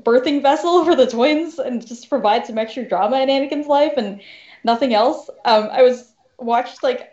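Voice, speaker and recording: A woman co-hosting a casual podcast chat, animated and laughing often as she talks. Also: sits high. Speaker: podcast co-host. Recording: echoey, dull lo-fi room audio.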